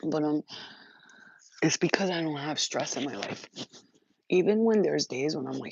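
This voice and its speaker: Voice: medium pitch, moderate pace, gravelly, pauses often, husky, dry recording. A spiritual livestream host in casual, profane chat who often acts out other people's voices. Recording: dull lo-fi dry sound.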